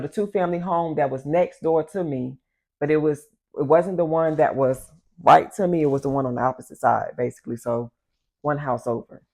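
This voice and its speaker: A woman vlogger telling a personal story in a casual, animated way, talking straight to her viewers. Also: low-pitched. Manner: animated, addresses the audience as y'all.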